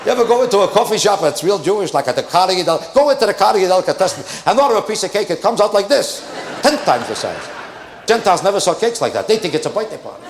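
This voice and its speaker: Fast-talking older New comedian. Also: male voice, high-pitched. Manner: animated, rapid, acts out exasperated characters mid-bit. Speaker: stand-up comedian. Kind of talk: stand-up comedy routine. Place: theater stage with a live audience. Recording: echoey live theater with audience noise. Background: audience laughter.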